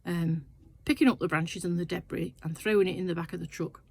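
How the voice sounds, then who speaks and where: A woman's voice: on the low side, fairly even intonation, a little fast, gravelly, a little mellow. An older woman telling a rambling, chatty story in her sewing shed. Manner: chatty, rambling anecdote with asides. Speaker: sewing vlogger. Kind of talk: casual storytelling chat.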